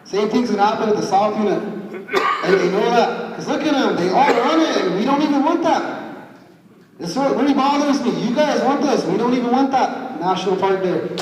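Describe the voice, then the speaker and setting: A man's voice: very high voice, expressive, normal speed, slight background noise. A man speaking as a tribal councilman at a public meeting, angry and blunt, stumbling over repeated words when heated. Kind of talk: impassioned public speech at a meeting. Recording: echoey hall sound from far off.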